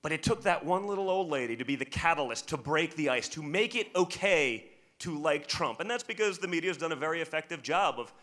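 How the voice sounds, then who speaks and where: A man's voice: fairly high pitch, lively intonation, brisk, pushed and bright. A man speaking at a political press conference. He tells a long, rambling anecdote and often repeats words as he starts sentences.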